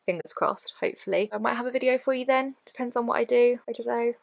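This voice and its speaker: A woman's voice: on the high side, fast, vocal fry, no room sound. A young woman, chatting casually and bluntly to camera in a daily vlog, swearing now and then. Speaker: vlogger.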